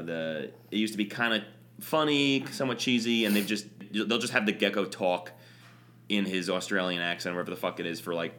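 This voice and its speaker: Brief: New guy, comedy podcast host, low voice, profane, hammy announcer bits. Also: a bit bright. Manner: crude, mock-announcer showman bits. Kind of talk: casual comedic podcast chat.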